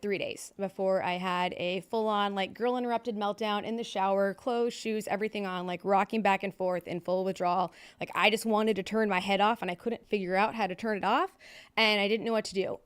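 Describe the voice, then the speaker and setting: A woman's voice: medium pitch, clean tone. A woman in her thirties from Southern California, telling her own recovery story on a podcast in a candid, blunt way with plenty of fillers. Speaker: podcast guest.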